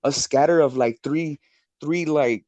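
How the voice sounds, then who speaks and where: Male podcast co-host, mellow tone, dry sound, rambling repetitive storyteller. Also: a little high, a little slow, dry recording, muffled recording. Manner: rambling, repeats words, heavy swearing. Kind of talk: casual storytelling chat.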